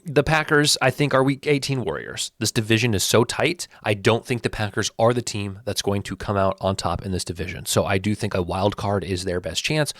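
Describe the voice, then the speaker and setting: A man in his thirties with a lively voice that swoops up and down as he teases and defies his viewers. His pitch sits in the middle range, and the sound is dry and close, with no room echo. He hosts a sports channel and is blunt and full of opinions. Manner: animated, teasing and defiant, talking straight to viewers. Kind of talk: opinionated football rankings talk.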